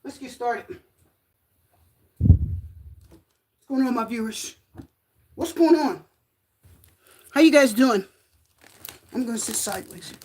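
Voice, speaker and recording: A woman hosting a live tarot reading stream, chatting casually and greeting viewers by name in a sing-song, drawn-out way. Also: fairly high pitch, expressive, slight background noise.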